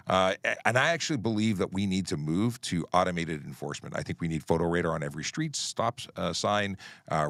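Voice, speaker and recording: A man's voice: deep voice, fairly bright tone, no echo. A middle-aged man, a traffic police officer hosting a livestream Q&A, speaking firmly and plainly as he explains traffic rules. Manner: firm, plain-spoken, explains rules while scrolling comments. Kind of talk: livestream Q&A chat.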